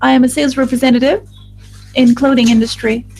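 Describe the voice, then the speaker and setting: A woman giving a live voice-over interpretation of a group discussion, speaking in a halting way with restarts and fillers. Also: high-pitched, steady tone, darkish tone, soft background music, poor audio.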